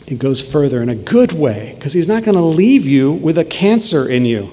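A man's voice: on the high side, very animated, moderate pace, mellow. Earnest man preaching in a reverberant hall. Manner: earnest, emphatic preaching with repeated phrases. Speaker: pastor. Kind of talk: sermon. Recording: long reverb with faint ambient noise.

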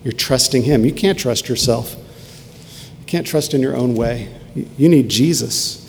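A man preaching a sermon as a pastor, earnest, dropping to a hush and then rising to emphatic peaks. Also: mid-range voice, measured pace, vocal fry, big-room sound, slight background noise.

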